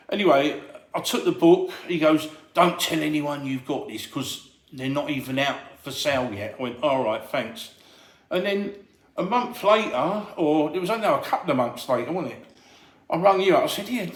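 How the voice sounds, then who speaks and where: In a casual anecdote, a man with a somewhat high voice recounts his days as a doorman, lively and animated, slipping into the voices of people he quotes. The recording is roomy and echoey.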